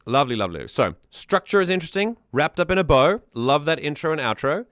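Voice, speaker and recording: A man's voice: fairly high pitch, sing-song, fast talker, a bit bright, no room sound, clean studio sound. A man streaming casual music-analysis commentary, enthusiastic and rambling, often restarting his sentences.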